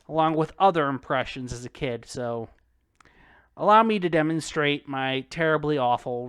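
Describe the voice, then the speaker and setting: A man's voice: mid-range voice, a bit bright, clean tone, dry recording, studio quality. A young man streaming old PC games, rambling and joking crudely at his own expense. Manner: rambling, crude, self-deprecating. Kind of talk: casual game stream commentary.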